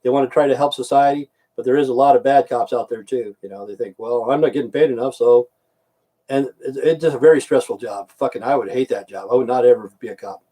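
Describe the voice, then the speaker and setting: A man's voice: medium pitch, fast talker, hardly any pauses, mellow. A middle-aged American man ranting angrily into the camera, swearing and repeating himself. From United States. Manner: profane, repetitive, heated. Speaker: vlogger. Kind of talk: angry ranting monologue.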